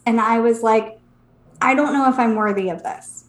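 Co-hosting a casual podcast in an echoey room, a psychic woman tells an emotional personal story, close to tears and full of "like" fillers. Her voice is fairly high, at a moderate pace.

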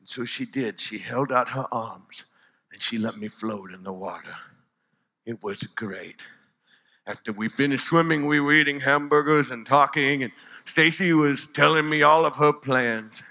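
A man's voice: medium pitch, unhurried, vocal fry, sharp tone. A man performing a dramatic, intimate spoken monologue, often dropping to near whispers. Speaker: storyteller.

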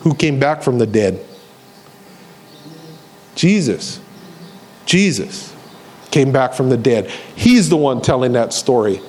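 A man's voice: mid-range voice, expressive, takes it slowly, long pauses, a little mellow. A man preaching a sermon as a pastor, telling the story and acting out the voices of the people in it, and repeating key phrases for emphasis.

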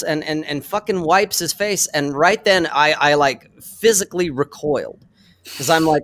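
A man chatting casually on a podcast, telling profane, animated stories. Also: on the high side, normal speed. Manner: profane storytelling, animated impressions. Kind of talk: casual chat.

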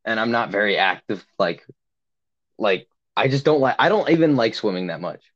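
A man's voice: fairly low pitch, animated, normal speed, fairly bright tone, muffled recording. A young man casually telling a long story on a podcast, rambling with many fillers and restarts. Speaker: podcast co-host.

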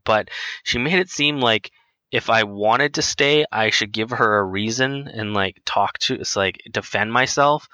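A man's voice: medium pitch, sharp tone, dry recording, rough recording. A young man telling a casual story in a rambling way, full of fillers and restarts.

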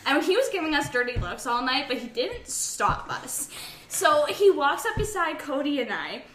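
A woman's voice: high voice, sing-song, normal speed, fairly bright tone. A young woman chatting with friends, telling stories with a laugh and swearing casually. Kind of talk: casual storytelling among friends. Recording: roomy echo.

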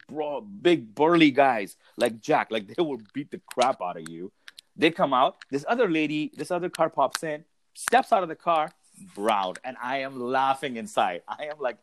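A man's voice: medium pitch, slight background noise, rough recording. A man in casual chat, animatedly telling a story and acting out what others said, laughing along the way.

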